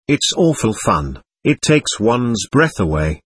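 A man's voice: lowish voice, very animated, slow pace, fairly bright tone, husky, no echo, full character voice. A man reading as a feverish teenage girl. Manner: breathless, intense, darting between teasing and pleading. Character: excitable capricious teenage girl, feverish and provocative.

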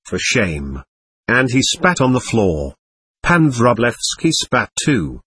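A man narrating a classic novel as an audiobook, with expressive storytelling. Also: medium pitch, takes it slowly, slightly rough.

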